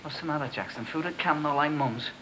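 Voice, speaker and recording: A man's voice: fairly high pitch, brisk, a bit bright, a little hiss or hum, lightly acted, poor audio. A man playing a stern, sardonic cadet force officer who needles a cadet with dry questions. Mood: questioning. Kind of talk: amateur drama acting.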